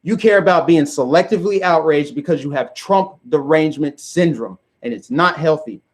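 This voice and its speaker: Brief: emphatic male commentator, high voice, hammers rhetorical questions. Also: normal speed. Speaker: video commentator. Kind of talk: direct-to-camera rant.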